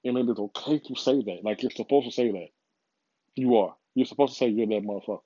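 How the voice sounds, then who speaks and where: A man's voice: medium pitch, quick pace, warm tone, husky, dry recording, dull audio. A man giving a casual, rambling motivational monologue, profane and full of repeats.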